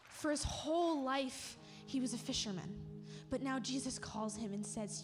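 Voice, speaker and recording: A woman's voice: sits high, measured pace, few pauses, music in the background. A woman giving a sermon, retelling a story vividly with emotional emphasis. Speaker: church speaker. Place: church. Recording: long hall reverb.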